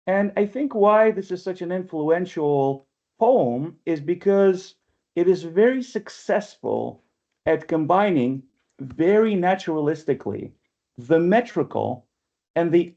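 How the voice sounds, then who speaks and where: A man leading an online poetry workshop in a conversational lecturing style, often checking in with listeners and slowing down to read verse aloud. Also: a little high, gravelly, mellow. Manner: chatty, often checks in with "right?"; reads verse aloud slowly and deliberately. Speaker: workshop leader and press editor. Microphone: webinar computer mic. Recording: dull lo-fi webinar audio.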